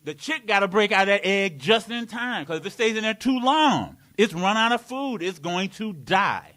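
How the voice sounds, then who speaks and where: A man's voice: sits high, expressive, normal speed, pushed and bright. A man preaching a live sermon in a community worship hall, playful and laughing, with call-and-response.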